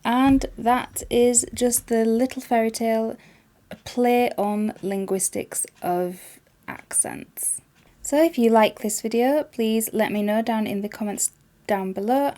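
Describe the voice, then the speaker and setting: A woman with a Yorkshire accent reads a short fairytale and then chats straight to her viewers. Her voice sits somewhat high, with a mellow, soft-edged tone. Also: measured pace. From Yorkshire, northern England. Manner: chatty, addresses viewers directly. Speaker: storyteller and channel host. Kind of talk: reading a fairytale and chatting to viewers.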